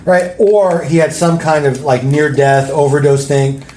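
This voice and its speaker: A man's voice: fairly high pitch, measured pace, darkish tone, roomy sound, slight background noise. A man telling a story in casual podcast chat, rambling and swearing freely. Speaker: podcast co-host.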